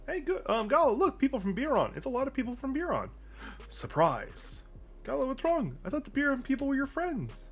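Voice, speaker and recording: A man voicing an excitable young girl hero in a game, in a high, bouncy voice. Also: fairly quick, slightly rough, heavily acted. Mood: excited.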